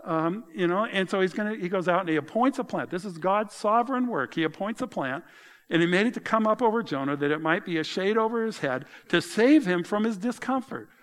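Middle-aged man preaching, somewhat high voice, animated and mocking in asides. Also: fairly quick. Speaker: pastor. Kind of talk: sermon.

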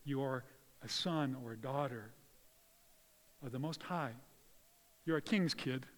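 A man preaching a sermon in an earnest way, swinging from hushed, tender lines to loud emphasis. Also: medium pitch, unhurried, in a large hall. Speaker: pastor.

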